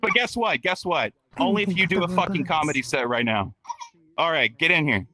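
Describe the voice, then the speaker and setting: A man in his thirties from Texas, hosting a stand-up comedy show with a crude, rowdy manner, working the crowd and squeaking out voices for others. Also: expressive, fairly quick, bright, forceful tone. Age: 30s. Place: virtual reality comedy club with live audience.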